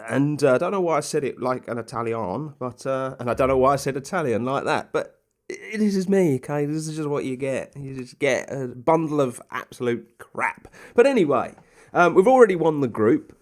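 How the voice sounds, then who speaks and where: A young man casually commentating a football management game, chatty and rambling with plenty of ums and asides. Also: fairly high pitch. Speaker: gaming commentator.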